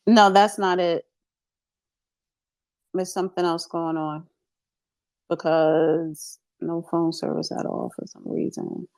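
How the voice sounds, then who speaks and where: A woman hosting a live online audio chat, casual and flustered, talking in quick asides and repeating herself. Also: on the low side, flat delivery, darkish tone. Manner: flustered, chatty, with repeated "I don't know". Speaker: host of an audio chat room.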